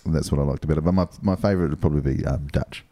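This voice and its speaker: Male co-host, New Zealand accent, very low mellow voice, dry teasing delivery. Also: very fast, dry recording. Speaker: podcast co-host. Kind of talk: casual podcast banter.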